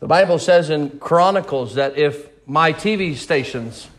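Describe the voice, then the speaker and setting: A man's voice: on the high side, unhurried. A man preaching a sermon in an impassioned, pleading way, repeating words and building to outbursts.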